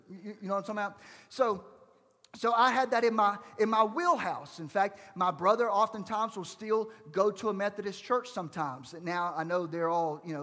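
A man around forty preaching a sermon in a high, light voice. He presses the congregation with emphatic rhetorical questions. The sound rings with a long hall reverb. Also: fairly bright tone. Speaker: pastor.

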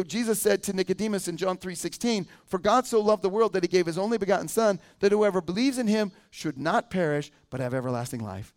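A man with a high voice delivers a sermon to his church. He preaches casually, stopping often to ask the people in the pews questions. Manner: conversational, asks the congregation questions. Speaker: pastor.

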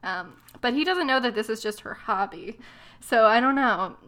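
Young woman co-host, slightly high voice, sarcastic and laughing, acts out quotes in casual chat. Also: animated, moderate pace, a bit bright.

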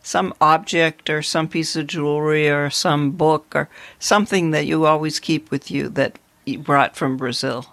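Low-voiced woman asking gentle questions. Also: steady tone, moderate pace, hardly any pauses, dry recording. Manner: gentle, encouraging, asks follow-up questions. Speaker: interviewer. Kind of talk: interview questions.

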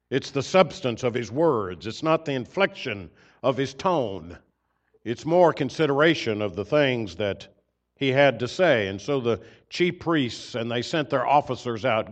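Earnest preacher man, slightly muffled. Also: mid-range voice. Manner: earnest, swells louder on key points then drops soft. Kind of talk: sermon. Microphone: microphone system.

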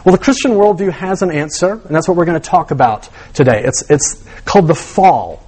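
Casting note: higher-voiced male pastor, animated sermon delivery, questions to the congregation. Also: a little fast, slightly rough. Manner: animated teaching with rhetorical questions and repeated words.

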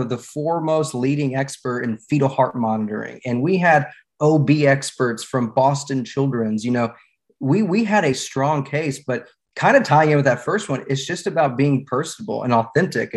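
Laughing middle-aged male storyteller. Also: mid-range voice. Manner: relaxed storyteller, laughs and repeats words. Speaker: guest, former law firm managing partner. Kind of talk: storytelling in a podcast interview.

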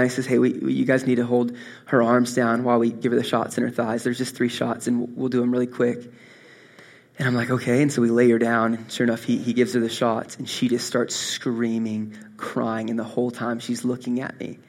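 A young man preaching a sermon, earnest and swinging from soft, intimate moments to impassioned rises. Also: medium pitch, vocal fry. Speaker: pastor.

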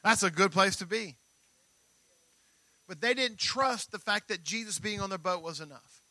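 A male pastor delivering a sermon in a high, bright, sharp voice. His preaching is emphatic and leans on repeated phrases. The sound is close and dry. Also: normal speed, no room sound.

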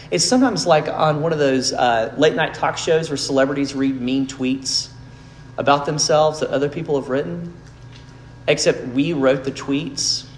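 A man preaching a sermon, earnest, swinging from emphatic peaks down to soft, quiet lines. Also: mid-range voice. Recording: roomy hall sound with faint background noise.

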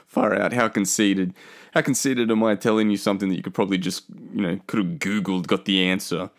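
A man's voice: low-pitched, steady tone, a little fast. A young man hosting a casual solo talk show, chatty, profane and self-mocking. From Australia. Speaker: podcast host.

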